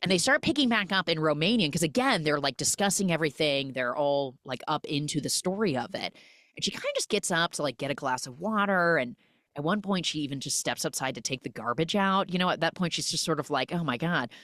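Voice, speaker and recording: A woman podcast host chatting casually as she recaps a story, acting out the quoted lines in an animated way. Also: deep voice, a little fast, no echo, clean studio sound.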